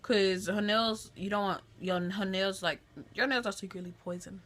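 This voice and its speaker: Woman, casual vlog storytelling, chatty, bright tense voice, phone camera. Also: medium pitch, moderate pace. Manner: chatty, lively retelling with acted-out quotes. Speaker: vlogger.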